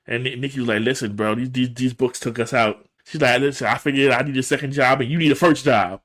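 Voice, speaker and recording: A man's voice: medium pitch, fast, few pauses. A man co-hosting a podcast, casually recapping a TV episode and acting out the characters' lines in jumping voices. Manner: animated, acts out characters' lines in shifting voices. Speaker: podcast co-host.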